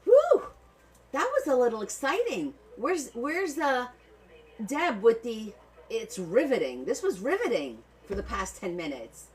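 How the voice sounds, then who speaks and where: Selling her handmade journals in a relaxed live auction stream, a woman talks affectionately to viewers, thanks them by name, and repeats words as she goes. Her voice is on the high side and sing-song, a little slow, captured in a rough recording.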